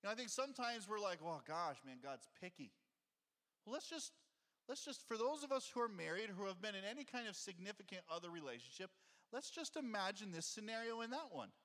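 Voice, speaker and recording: A man's voice: high-pitched, expressive, fast talker, fairly bright tone, long reverb tail. A male pastor preaching a conversational sermon and reading scripture aloud, heard in a church sanctuary.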